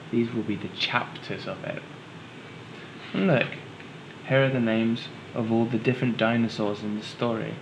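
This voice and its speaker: A man's voice: on the low side, noisy background. A man, a teacher, reading a children's storybook aloud and patiently explaining it to young listeners.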